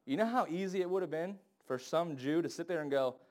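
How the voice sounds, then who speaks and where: A married man preaching a sermon, acting out the people he quotes with big jumps in loudness and pitch. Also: fairly quick, few pauses. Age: adult, married. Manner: animated, acts out quoted voices with big swings in pitch and volume.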